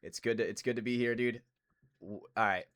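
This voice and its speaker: A man's voice: on the low side, steady tone, fairly quick, fairly bright tone. A young man co-hosting a podcast in casual banter, laid-back and peppering his talk with "dude.". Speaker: podcast co-host.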